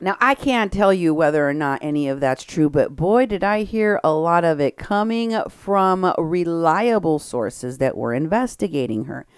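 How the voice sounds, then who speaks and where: Sarcastic low-voiced woman hosting commentary. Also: animated, clean tone, no echo, clean studio sound. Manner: brisk, sarcastic, laughs at her targets. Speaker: political commentary show host. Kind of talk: opinionated commentary.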